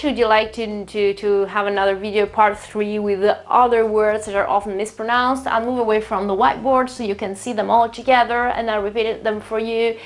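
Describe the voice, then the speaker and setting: A woman, a native Italian speaker, teaching an English pronunciation lesson at a whiteboard, explaining patiently with frequent fillers and saying words slowly several times over. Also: mid-range voice, fairly even intonation. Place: room with a whiteboard.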